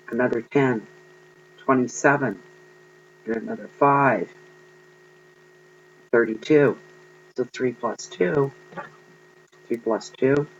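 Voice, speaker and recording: A man's voice: mid-range voice, vocal fry, muffled recording, slight background noise. Earnest man giving a tarot reading. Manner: earnest, encouraging, with frequent ums. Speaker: tarot card reader. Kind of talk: spiritual tarot reading to viewers.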